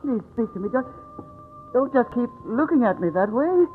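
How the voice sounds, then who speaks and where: An actor playing a kindly older doctor who stammers and pleads in panic, in a 1940s radio drama. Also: male voice, fairly high pitch, fairly even intonation, moderate pace, a little hiss or hum, natural voice. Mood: terrified. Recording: tinny old radio broadcast.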